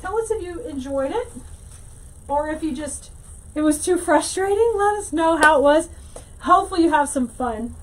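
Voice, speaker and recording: A woman hosting a casual crafting livestream, chatting warmly to viewers and greeting them by name as she works. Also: high-pitched, lively intonation, normal speed, poor audio. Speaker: livestream host teaching wreath making.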